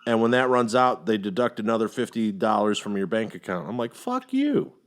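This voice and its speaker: A middle-aged man tells a rambling story on a casual podcast. His voice sits on the low side, and he swears freely and flares up when he quotes himself. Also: fairly quick. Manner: profane, animated anecdote-telling. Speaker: podcast host.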